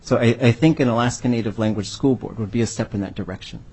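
A man's voice: mid-range voice, quick pace, a little mellow, slightly rough. A man answering a panel question by telling an earnest, heartfelt story about his work as a language educator.

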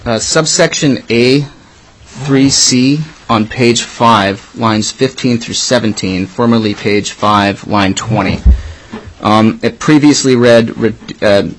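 A man's voice: mid-range voice, slow pace, a little hiss or hum, rough recording. A man presenting bill revisions at a committee hearing, going section by section with many ums and restarts. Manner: methodical section-by-section walkthrough. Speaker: legislative staffer presenting bill changes.

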